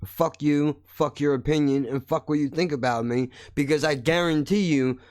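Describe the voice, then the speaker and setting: This podcast host has a fairly high, slightly mellow voice, with a steady tone and moderate pace, recorded in studio quality with no echo. He delivers a blunt, heated rant, swearing constantly through an angry monologue.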